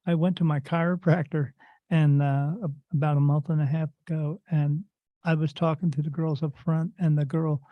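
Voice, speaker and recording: A man's voice: on the high side, moderate pace, no room sound, narrow, tinny audio. A man who works as a medium, telling stories casually in an interview and acting out the voices of the people in them. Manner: animated storyteller acting out quoted voices.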